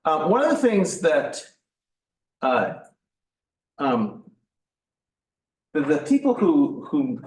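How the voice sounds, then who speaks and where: A man giving a workshop talk in an informal lecture style, halting often with fillers and restarts. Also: fairly high pitch, wildly swooping pitch, darkish tone. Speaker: workshop presenter. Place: church meeting room. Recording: echoey room, mic at a distance.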